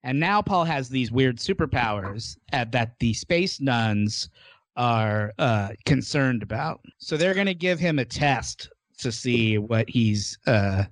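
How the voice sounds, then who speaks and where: A man co-hosting a podcast, explaining the story of a movie in a relaxed, casual way. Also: medium pitch, slow pace, no echo, clean studio sound. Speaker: podcast co-host.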